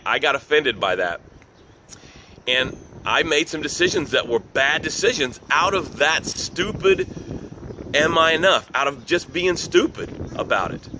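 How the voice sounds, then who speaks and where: A middle-aged man gives a motivational business talk, earnest and emphatic, and circles back to the same phrases again and again. His voice is bright and forceful, pitched in the ordinary middle range for a man. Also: slight background noise. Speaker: business coach.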